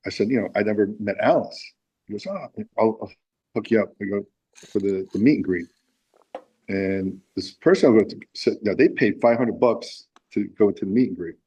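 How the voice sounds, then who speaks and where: Male musician guest, lowish voice, rambling animated storyteller with many fillers. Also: moderate pace, slightly rough, dull audio. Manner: animated storyteller, acts out quotes with lots of fillers. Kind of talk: casual storytelling interview.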